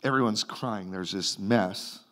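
Canadian man preaching an animated sermon. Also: on the low side, a little slow. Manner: animated, retells a vision in a rising and falling voice. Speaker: pastor. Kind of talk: sermon storytelling.

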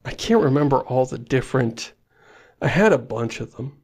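A man's voice: medium pitch, expressive, moderate pace, darkish tone, breathy edge. A man co-hosting a podcast in casual chat, jokey and self-mocking, laughing often. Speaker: podcast co-host.

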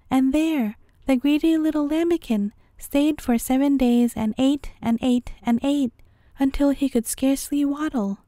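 High, mellow woman telling a bedtime tale. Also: no room sound, studio quality. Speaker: storyteller. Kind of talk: bedtime story narration.

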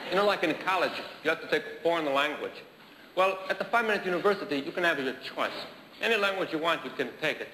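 Comedian putting on a fake italian accent, dry deadpan guy, kinda high voice, echoey hall with noise and laughs. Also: fast, close to an everyday voice. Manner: dry comic patter. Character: deadpan Italian-accented man pitching a silly school.

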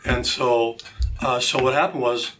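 A man sharing his personal testimony as a talk show guest, animated and acting out the voices of the people in his stories. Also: medium pitch, unhurried, background noise. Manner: animated, acts out quoted voices. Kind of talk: storytelling testimony.

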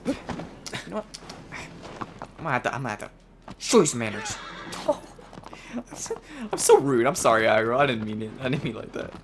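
A man's voice: medium pitch, very animated, fairly quick, long pauses, background noise. A man giving casual, playful gameplay commentary, swearing and joking as he talks to the creatures on screen. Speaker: let's play gamer. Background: game music.

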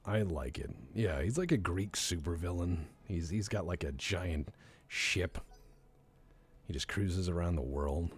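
A man's voice: deep voice, animated, unhurried, slightly rough. A man streaming a video game, giving casual, joking commentary and talking to himself as he plays. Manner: joking, rambling, talks to himself.

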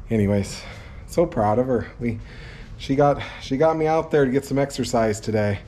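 A man's voice: moderate pace, dark tone, slight background noise. A man talking casually to an action camera while out walking his dog, at times out of breath. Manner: high sing-song baby talk to his dog. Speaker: vlogger. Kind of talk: casual daily vlog. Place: outdoors on a hot walk, then in a car. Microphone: handheld action camera.

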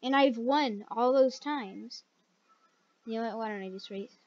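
A woman's voice: fairly high pitch, unhurried. Chatty woman gamer, dull lo-fi sound. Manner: chatty and excitable, yelps when startled. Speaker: gaming video host. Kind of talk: casual gameplay commentary. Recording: dull lo-fi recording.

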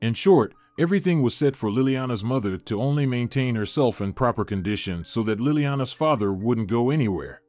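A man reading a story aloud with steady, measured scripted narration. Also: medium pitch, no room sound, soft background music.

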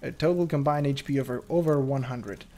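A chatty, nervous man narrates his gameplay in casual commentary, thinking out loud and letting out nervous laughs. His voice is mellow and medium-pitched, and he talks fairly quickly.

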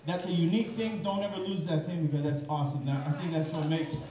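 A man's voice: fairly high pitch, steady tone, fast talker, heavy background noise. A man from Canada, a live music entertainer doing upbeat, chatty stage banter and coaxing the audience on a live stage. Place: large hall, live stage. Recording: echoey hall, music behind.

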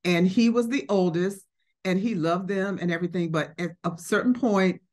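A woman's voice: lowish voice, normal speed, darkish tone. A middle-aged woman, an art collector, telling a reflective story in conversation, with fillers and acted quotes.

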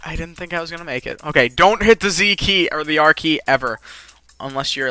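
A let's play gamer giving live commentary who rages and swears, with sudden yells between low muttering. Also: animated, a little fast, no echo. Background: faint game music.

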